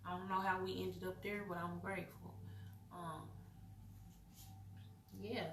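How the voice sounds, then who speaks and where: A woman's voice: on the low side, flat delivery, unhurried, noisy background. A young woman doing a casual spiritual card reading, candid, profane and goofy, laughing often. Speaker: intuitive card reader. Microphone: microphone. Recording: roomy, distant mic, faint music.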